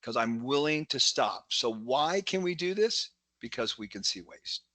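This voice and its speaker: A middle-aged man giving a webinar talk, telling energetic stories full of quoted dialogue. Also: medium pitch, unhurried, no room sound. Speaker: keynote speaker. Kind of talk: webinar presentation.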